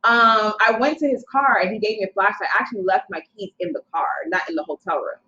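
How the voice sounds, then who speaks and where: A young woman casually telling a long personal story as a podcast guest, animated and acting out what people said. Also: medium pitch, slight background noise. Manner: animated, quotes people in her story, quick asides. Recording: slightly dull lo-fi sound.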